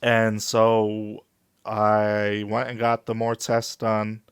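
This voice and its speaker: A man candidly telling a personal story in a vlog, halting and emotional at times. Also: lowish voice, monotone, clear, resonant tone, no echo, clean studio sound. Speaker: vlogger.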